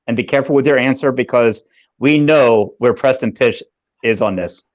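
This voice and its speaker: A man's voice: mid-range voice, moderate pace, no echo. A man hosting a podcast in casual chat, playful and teasing, laughing along. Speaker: podcast host. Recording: dry muffled lo-fi audio.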